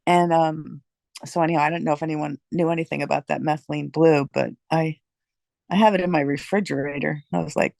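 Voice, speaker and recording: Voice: mid-range voice, fairly even intonation, brisk, creaky, darkish tone, dry recording. A participant in a casual group discussion, talking in a rambling, loose way with many fillers.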